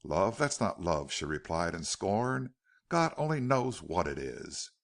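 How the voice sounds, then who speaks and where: Earnest, defiant young captive woman, read by a male narrator; gravelly, lively delivery. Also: low voice, unhurried, heavily acted. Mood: pleading.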